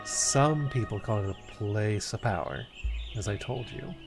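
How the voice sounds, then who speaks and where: Man voicing an earnest guide, low voice, slow explaining, faint music. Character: earnest man guiding friends through the forest. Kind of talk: reading game dialogue aloud.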